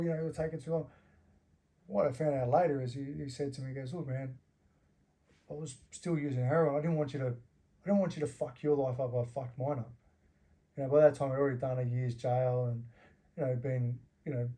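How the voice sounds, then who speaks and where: A middle-aged Australian man telling rough stories in casual, profane talk, laughing as he goes. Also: medium pitch, dark tone. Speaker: interview guest. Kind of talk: casual storytelling with heavy swearing.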